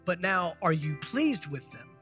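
A pastor preaching a sermon, building to loud emphatic peaks and calling for the congregation to respond. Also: male voice, a little high, sing-song, measured pace, faint music behind. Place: church sanctuary.

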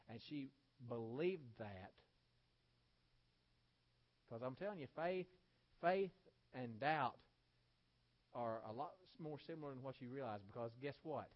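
A man's voice: mid-range voice, animated, a little slow, long pauses, dull audio. A man preaching a sermon in a folksy, emphatic way that is full of rhetorical questions.

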